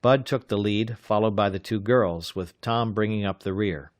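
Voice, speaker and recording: A man narrating an adventure audiobook in a measured, steady reading. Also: lowish voice, no echo, studio quality. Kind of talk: scripted narration.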